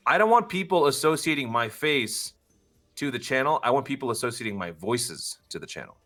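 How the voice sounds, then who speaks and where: A man's voice: mid-range voice, fairly bright tone. A man, a voice actor and podcast guest, chatting casually in long, musing stretches. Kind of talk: casual chat.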